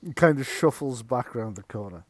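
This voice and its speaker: Man, game master, playful narration, lively pitch. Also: moderate pace, no room sound.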